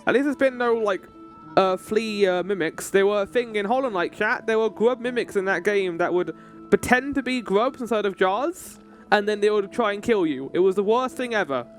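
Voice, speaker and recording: High-voiced man chatting over a game. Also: normal speed, faint music behind. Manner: chatty, rambling asides to chat. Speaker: gaming video host. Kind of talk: casual let's-play commentary.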